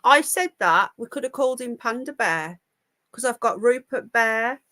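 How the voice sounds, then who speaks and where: Woman on a livestream, baby-talking her pets, high and swingy voice. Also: lively intonation, normal speed, bright, forceful tone, dry recording, studio quality. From United Kingdom. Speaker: livestream host. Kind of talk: casual live-stream chat with pets.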